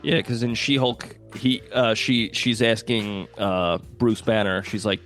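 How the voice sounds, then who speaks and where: A man's voice: on the low side, measured pace, soft background music. A man co-hosting a podcast, chatting casually and animatedly, swearing and acting out scenes. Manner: animated, swears, acts out quotes. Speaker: podcast co-host. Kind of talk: casual movie chat.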